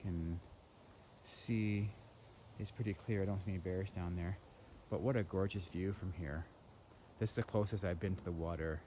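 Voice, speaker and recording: Deep voiced canadian guy rambling on a lake trail hike, muffled handheld cam, lots of outdoor noise. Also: fairly even intonation, moderate pace. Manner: rambling, chatty, narrates what he sees while walking. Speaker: hiking vlogger. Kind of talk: casual walking commentary. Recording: dull lo-fi outdoor recording with loud background noise.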